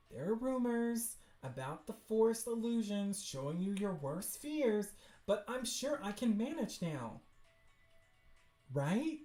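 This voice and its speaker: A woman's voice: mid-range voice, dark tone, roomy sound. A woman voicing a restless young woman who longs for answers, earnest and wistful.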